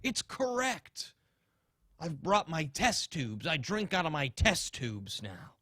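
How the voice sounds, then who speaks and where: A man doing an impression of a smug, preachy middle-aged TV science-show host, lecturing in a slow, deadpan way. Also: a little high, no echo, heavily acted. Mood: mock lecturing. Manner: slow mock-lecturing, deadpan absurd claims. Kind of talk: comedic impression.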